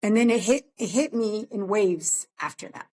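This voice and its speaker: A woman's voice: mid-range voice, moderate pace, a little mellow. Woman co-host, reflective and subdued. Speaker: podcast co-host. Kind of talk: casual podcast chat.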